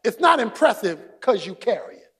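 A man preaching a sermon, shouting for emphasis and joking with his congregation. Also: high voice, sing-song, normal speed, slightly rough. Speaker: pastor.

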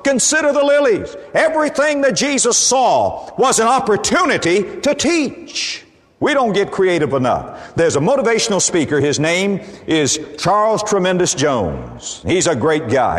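A man preaching a sermon to his congregation, speaking emphatically and rising to excited peaks on his key points. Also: on the high side, normal speed. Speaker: pastor. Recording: long reverb of a large hall.

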